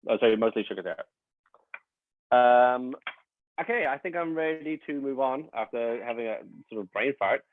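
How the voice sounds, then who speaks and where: A man's voice: medium pitch, lively intonation, normal speed, no room sound. A man working as a brand ambassador, presenting a tasting in a friendly, upbeat way. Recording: dry, tinny phone-like audio.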